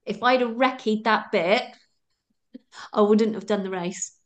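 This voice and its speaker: A woman's voice: medium pitch, measured pace. A middle-aged woman, a runner guest telling her stories in a chatty, laughing way. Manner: chatty, laughs often, acts out her own thoughts. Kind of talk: casual storytelling interview.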